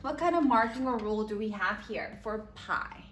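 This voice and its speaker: A woman teaching a third-grade spelling lesson, slowly sounding out letters and giving encouraging praise. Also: a little high, expressive, a bit bright, slight background noise. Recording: echoey room with faint ambience.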